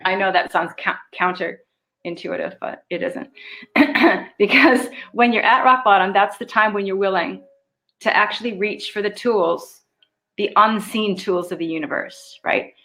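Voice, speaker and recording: A middle-aged woman hosts a live spiritual talk show and answers viewer questions in casual, lively coaching talk. She laughs easily, swears offhandedly and acts out inner voices. Her voice sits at an ordinary pitch for a woman. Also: measured pace.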